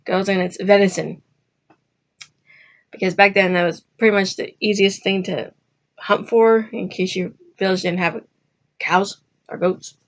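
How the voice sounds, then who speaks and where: A woman telling an old folk tale off the cuff, chatty and meandering. She keeps breaking into quick high voices for the people in the story, then drops back to her easy, mid-pitched speaking voice. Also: steady tone. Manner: chatty and rambling, acting out quotes with pitch jumps. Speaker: vlogger. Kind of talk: casual storytelling.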